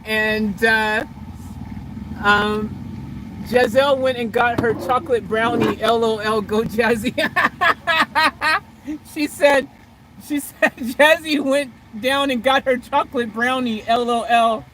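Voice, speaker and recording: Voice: mid-range voice, fairly even intonation, slow, background noise. A vlogger chatting casually on a livestream outdoors beside a car, reading out viewer comments in a rambling, hesitant way full of restarts.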